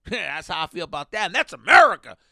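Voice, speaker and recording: A man voicing a brash, gun-loving Texan driver who boasts loudly and swears. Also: high voice, sing-song, fairly quick, creaky, no echo, studio quality, pitched above the performer's own voice, exaggerated voice. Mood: boastful. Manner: loud, boastful, profane.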